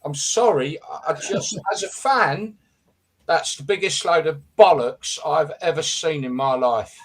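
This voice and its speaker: A man's voice: on the high side, animated, a little slow. A man hosting a live football show, delivering an exasperated, sweary, rambling rant. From England.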